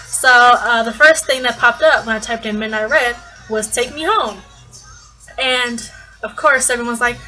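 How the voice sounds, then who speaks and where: Brief: young female vlogger, slightly high voice, bubbly and gushing, casual storytelling. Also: normal speed, pushed and bright, soft background music, rough recording. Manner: bubbly, gushing, lots of likes and restarts. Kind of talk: casual fan vlog storytelling.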